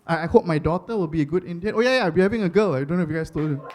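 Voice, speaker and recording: A man's voice: on the high side, racing, a little mellow, a little hiss or hum. A man in his thirties with a Singaporean English accent, doing chatty stand-up comedy, with many fillers and repeated phrases. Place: comedy stage before a live audience.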